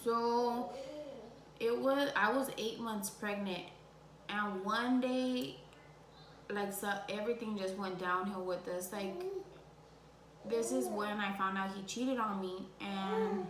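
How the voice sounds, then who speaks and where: A woman's voice: mid-range voice, slow, long pauses, background noise. Young woman telling a tearful story in an echoey room. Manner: rambling, heavy use of "like"; emotional, tearing up at times. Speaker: vlogger. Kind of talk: casual storytime vlog.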